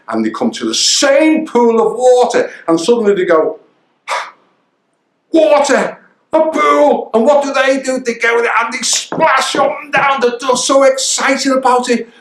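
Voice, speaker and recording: An older man, the founder of a coaching academy, giving an energetic motivational coaching talk that hammers home its key phrases. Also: a little high. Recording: roomy echo.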